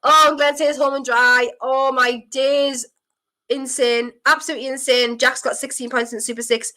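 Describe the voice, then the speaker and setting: Bright, high-voiced woman streamer. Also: level tone, normal speed. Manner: elated, breathless reactions to goals. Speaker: streamer hosting a football watchalong. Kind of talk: live football watchalong chat.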